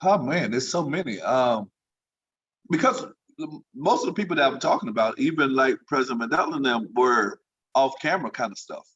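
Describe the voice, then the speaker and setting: A man telling lively stories as an interview guest, leaping up in pitch when he gets excited. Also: fairly quick, breathy edge, dull audio. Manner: animated storyteller, jumps high in pitch for excited quotes. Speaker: guest, former pro basketball entertainer. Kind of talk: storytelling in casual interview.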